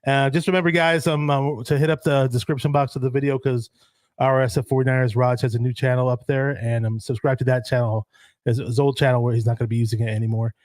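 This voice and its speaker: A man hosting a sports talk show, chatting in a relaxed way and reading out viewer comments. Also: mid-range voice, fast talker, dry recording, studio quality. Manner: relaxed, many ums and restarts. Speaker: podcast host.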